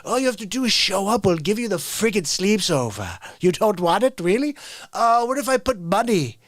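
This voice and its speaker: A man's voice: high voice, lively intonation, moderate pace, fairly bright tone, no room sound. A man putting on the voice of a brash, boastful older male sofa salesman with a bragging hard-sell patter.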